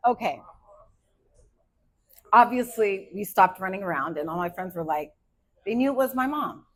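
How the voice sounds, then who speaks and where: A woman in her fifties from Arizona performing a stand-up comedy set, hyper and animated as she tells stories. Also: mid-range voice, moderate pace, poor audio. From Arizona, USA. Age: 50s.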